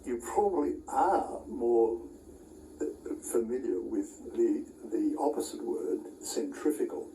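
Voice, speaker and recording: A man's voice: medium pitch, dark tone, slight background noise. A man giving a recorded Bible college lecture to camera, conversational, with dry asides and frequent filler words. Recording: distant mic, roomy echo, faint ambience.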